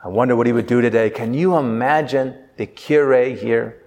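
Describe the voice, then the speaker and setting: A priest preaching a sermon with earnest delivery, slowing down for emphasis. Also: male voice, mid-range voice, darkish tone, big-room sound, highs cut off.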